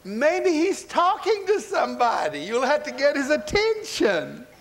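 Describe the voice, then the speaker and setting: A preacher acting out a male prophet who taunts his rivals with loud, laughing mockery. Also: on the high side, moderate pace, vocal fry. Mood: mocking.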